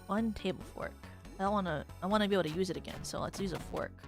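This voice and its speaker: A young adult woman streams a video game, chatting casually, reading in-game text aloud, and swearing and laughing when surprised. She talks fast in a lowish voice with vocal fry, over soft background music.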